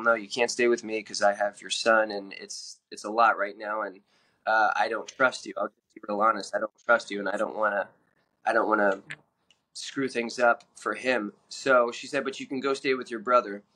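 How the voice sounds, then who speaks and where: A man's voice: mid-range voice, sharp tone. A man speaking frankly on a podcast about his past, plain-spoken and full of fillers and restarts as he tells it. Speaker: podcast guest sharing recovery story. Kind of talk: candid personal storytelling.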